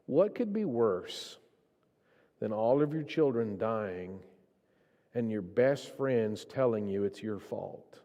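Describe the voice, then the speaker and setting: Guy preaching a sermon, goes quiet then gets all fired up, church hall echo trailing off. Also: lowish voice, expressive, slow pace. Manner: impassioned, swings from hushed to raised. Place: church sanctuary. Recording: long reverb of a church hall.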